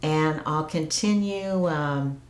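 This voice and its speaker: A woman with a low voice recounts her personal visions, hesitant and reflective, often restarting her sentences. The recording carries a noticeable roomy echo. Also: takes it slowly, faint music behind. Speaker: storyteller recounting mystical experiences. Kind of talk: personal storytelling to camera.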